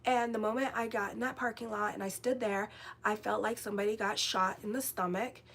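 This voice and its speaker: A woman astrologer telling a story in a casual, animated way, blunt and swearing freely as she rambles. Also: mid-range voice, brisk, creaky, husky. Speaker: astrologer and tarot reader.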